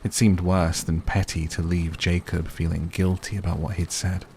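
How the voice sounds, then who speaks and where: Deep gravelly man reading a sleep story. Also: level tone, moderate pace, darkish tone, a little hiss or hum. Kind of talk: soothing bedtime story narration. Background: rain sounds.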